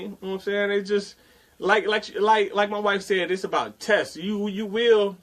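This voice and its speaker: A young man casually telling a story on a talk show and acting out what other people said. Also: high voice. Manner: animated retelling, acts out others' lines. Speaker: podcast co-host.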